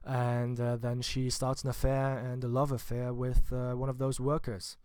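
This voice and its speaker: A man's voice: medium pitch, completely flat delivery, normal speed, darkish tone, clear, resonant tone, no echo, clean studio sound. A man giving a casual spoken film review, chatty and informal with wry asides. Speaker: film vlogger.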